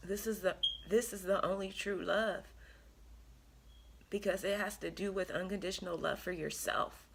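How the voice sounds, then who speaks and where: A woman giving an earnest, emotional spiritual card reading to her viewers, pausing often with ums. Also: mid-range voice, steady tone, gravelly, slight background noise. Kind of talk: tarot reading monologue.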